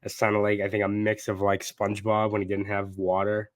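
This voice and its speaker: A man's voice: fairly low pitch, monotone, brisk, no room sound. A man hosting a sports podcast while sick with a sinus infection, sardonic and profane. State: sick, congested voice. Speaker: podcast host. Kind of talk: casual sports podcast chat.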